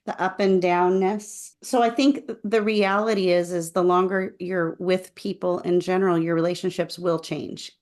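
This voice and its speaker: Woman podcast co-host giving thoughtful advice. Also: mid-range voice. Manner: thoughtful, advising tone. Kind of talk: casual conversational podcast talk.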